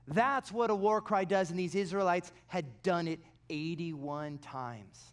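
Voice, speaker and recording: A pastor preaching a sermon, telling stories animatedly and dropping into quiet, intense passages. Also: male voice, high-pitched, unhurried.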